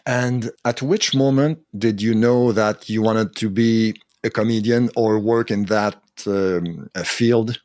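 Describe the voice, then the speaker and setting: A man hosting a podcast, asking interview questions in a measured, thoughtful way. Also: on the low side, steady tone, darkish tone, no room sound, clean studio sound. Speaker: podcast host.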